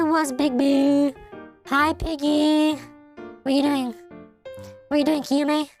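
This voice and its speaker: Rich: A chirpy young girl's voice, which a man puts on with falsetto and a vocoder. Very high and unhurried, with an artificial, formant-shifted sheen. The talk is bubbly live-stream banter aimed at chat. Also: a bit bright, full character voice. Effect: vocoder formant shift upward.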